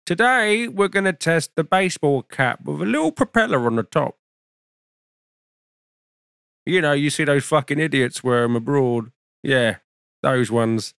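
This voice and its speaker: Man as a gravelly, swearing host, dry sound, blunt delivery. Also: a little high, animated, a little slow, pauses often, a bit bright, no room sound, exaggerated voice. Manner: blunt, swears constantly, says mate. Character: foul-mouthed British hat-testing show host. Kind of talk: comedy sketch.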